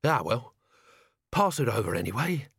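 A man's voice: mid-range voice, very animated, normal speed, vocal fry, a bit bright, slightly rough, dry recording, studio quality, heavily acted. A man reading a storybook, voicing a blunt, cheeky old male servant who talks to his master.

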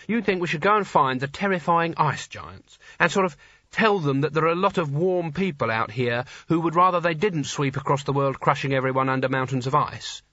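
A man voicing a fierce young warrior woman who gives sharp, commanding orders. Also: a little high, expressive, a little fast, no echo, dull audio. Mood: urgent. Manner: sharp and commanding, turning desperate.

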